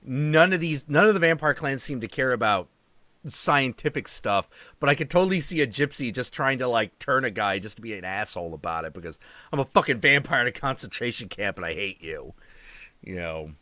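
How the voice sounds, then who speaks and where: Male streamer, animated swearing storyteller, bright voice with lively pitch, dry close sound. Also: brisk, no echo. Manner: animated storytelling with profanity and acted-out quotes. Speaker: stream host. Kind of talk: casual chat.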